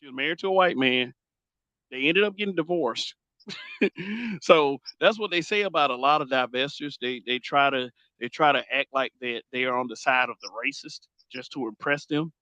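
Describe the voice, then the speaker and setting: A man's voice: mid-range voice, normal speed, bright, forceful tone, no room sound. A man hosting a casual podcast, talking bluntly and emphatically, repeating phrases as he builds his points. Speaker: host.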